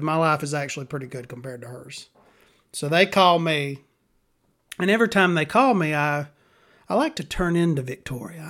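Man, podcast host, casual monologue, sardonic and profane, slightly high voice. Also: a bit bright. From Southern US.

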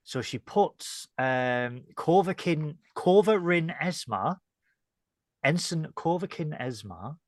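A man's voice: on the high side, lively intonation, slow, no room sound. A man co-hosting a casual chat show, recapping events in a hesitant way with many fillers. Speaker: podcast co-host.

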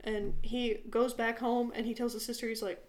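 A young woman co-hosting a podcast, telling stories in a casual, animated way, swearing and acting out what people said. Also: a little high, normal speed. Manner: animated, swearing, acts out quotes. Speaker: podcast co-host. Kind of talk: casual storytelling chat.

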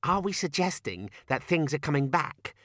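A man's voice: fairly high pitch, sing-song, moderate pace, a bit bright, no room sound, studio quality, voice pushed up. A man voicing an earnest young male wizard who speaks politely and carefully.

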